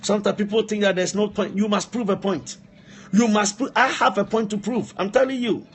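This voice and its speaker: During a live-streamed sermon, a man repeats phrases for emphasis in an emphatic exhortation, occasionally breaking off to speak to his helpers. His voice is high and steady in tone, and he talks a little fast.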